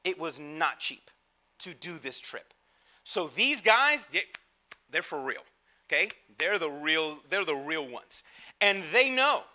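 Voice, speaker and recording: A male pastor giving a conversational sermon in a casual, slangy, animated way, with frequent restarts. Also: fairly high pitch, slow.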